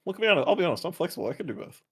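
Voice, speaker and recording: Pria pemain bercanda datar yang bicara cepat. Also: male voice, high voice, very animated, racing, gravelly, a bit bright, breathy edge. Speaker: player. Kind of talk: casual joking at a tabletop game.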